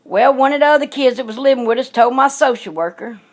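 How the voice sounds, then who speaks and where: A woman with a high voice tells a personal story straight to her audience. She is blunt and outspoken, and she repeats her points to hammer them home. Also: fast. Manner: blunt, emphatic, repeats herself for stress. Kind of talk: emotional storytelling monologue.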